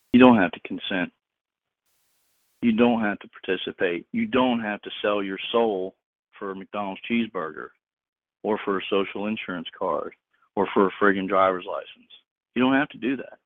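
A man's voice: fairly low pitch, normal speed, dry recording. A man preaching informally to a group on a call, emphatic and slangy, repeating words for stress. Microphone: phone. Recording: tinny dry phone line.

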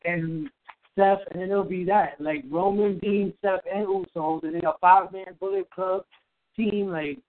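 Casting note: high-pitched excitable man, foul-mouthed wrestling chat, phone-thin audio. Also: a little slow. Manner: profane, excitable. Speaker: podcast co-host. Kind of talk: casual chat. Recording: tinny phone-like sound.

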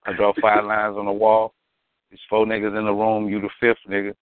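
Low-pitched and completely flat in delivery, this co-host talks a little fast with a clear, resonant tone. He spins stories in slangy, emphatic casual chat. The sound is dry and lo-fi, almost like a phone line.

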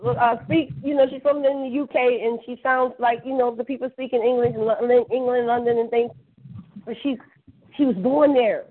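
New Orleans woman on a tinny phone line. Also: high voice. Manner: rambling, emphatic, profane. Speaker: caller. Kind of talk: casual call-in chat.

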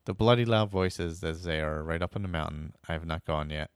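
A man tells a first-person adventure tale for a podcast, slipping in dry, wry asides. His voice is very deep and smooth. The recording is close and dry. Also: fairly even intonation, fairly quick, no echo. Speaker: podcast storyteller. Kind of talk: first-person storytelling narration.

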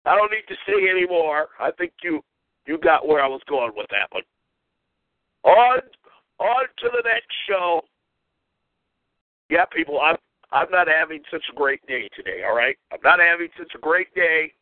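A man's voice: a little high, animated, normal speed, long pauses, no room sound. A man hosting a call-in talk show, ranting in an irate, repetitive way and trailing off mid-insult. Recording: tinny phone line.

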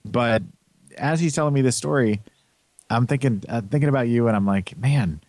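An American man co-hosting a podcast, telling anecdotes in a chatty, animated casual way. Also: mid-range voice, fairly quick, dry recording. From United States. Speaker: podcast co-host. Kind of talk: casual chat.

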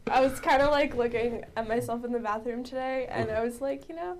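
A woman's voice: on the high side, a little fast, a little hiss or hum. A woman comedian chatting in a self-mocking way over a video call. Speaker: stand-up comedian. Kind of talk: casual chat.

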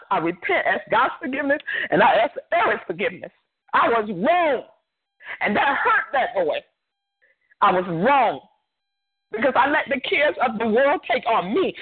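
A woman's voice: on the high side, sing-song, moderate pace, slightly rough. An older woman preacher delivering a fervent sermon over a phone call, driving her points home with emphatic repetition. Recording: tinny phone line.

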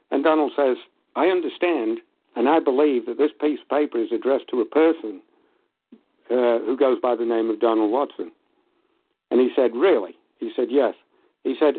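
A man's voice: medium pitch, moderate pace. Man telling a story over a tinny phone line. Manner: storytelling, quotes people, laughs between lines. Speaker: caller. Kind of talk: telling a story on a call-in show.

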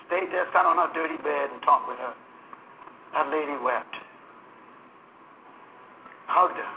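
Emphatic preacher, tinny sound. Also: male voice, on the high side, unhurried. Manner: preaching with rising, emphatic calls to the congregation. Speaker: pastor. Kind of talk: sermon. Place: church. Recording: tinny phone-like sound, faint hiss.

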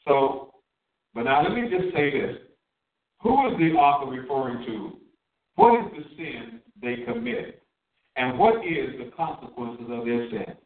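A man's voice: medium pitch, very animated, reverberant, far from the mic, phone-quality sound. A man preaching a sermon, drawing out his key words and asking his listeners questions. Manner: emphatic, drawn-out stresses on key words.

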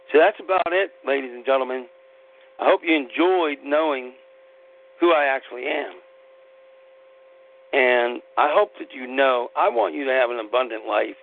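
Speaking with a fairly high pitch and vocal fry, a man hosting a podcast launches into an impassioned, preachy monologue that's blunt and casually profane. His audio is tinny and phone-like, with a mains hum underneath.

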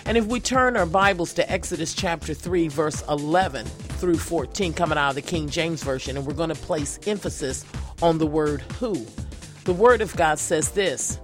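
A woman's voice: deep voice, normal speed, soft background music. Earnest woman preaching a sermon. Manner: earnest, emphatic, repeats key phrases. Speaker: pastor and evangelist. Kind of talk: sermon with scripture reading.

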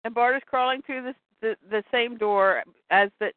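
A woman co-hosting, retelling a comic in a lively, laughing storytelling way, heard over a tinny phone-like line. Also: a little high, normal speed, no room sound.

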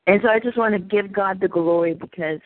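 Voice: mid-range voice, a little fast, a little hiss or hum. A caller telling a personal faith testimony in an earnest, rambling way. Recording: tinny phone line, dry.

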